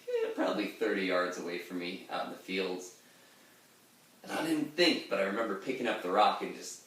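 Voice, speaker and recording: A man in a fairly low voice talks through a poem casually, wandering into asides and filling gaps with "uh". He sounds distant from the mic, in a very echoey room. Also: a bit bright. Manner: chatty and digressive, many "uh" fillers. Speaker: poetry teacher. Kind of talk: casual literary explanation.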